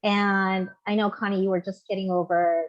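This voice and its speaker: A woman's voice: medium pitch, little pitch movement, normal speed, lo-fi sound. A woman hosting a casual video call chat, effusive as she welcomes guests. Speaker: host.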